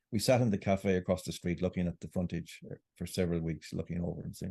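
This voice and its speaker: A very low, dark-toned older Irish man with a husky edge to his voice. He argues his case with passion and emphasis, like a writer holding forth as a guest on a podcast. The sound is dry and close. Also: fairly even intonation, quick pace, no echo. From Ireland. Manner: impassioned, polemical, emphatic. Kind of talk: conversational podcast interview.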